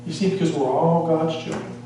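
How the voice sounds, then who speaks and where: A man's voice: a little high, fairly quick, mellow, slight background noise. A male pastor preaching a sermon, telling a story and putting questions to the congregation. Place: church sanctuary. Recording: echoey church hall, from far off.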